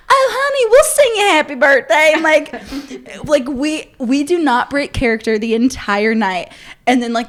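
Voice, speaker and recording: A young woman co-hosting a podcast, chatty and animated as she tells stories in casual conversation. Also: a little high. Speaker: podcast co-host. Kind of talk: casual chat.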